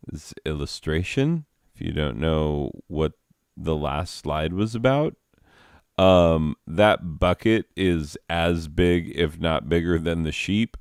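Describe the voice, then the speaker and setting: A young man telling a rambling comic story, deadpan, with lots of asides and fillers. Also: deep voice, slow, smooth, no room sound, clean studio sound. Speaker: comedian.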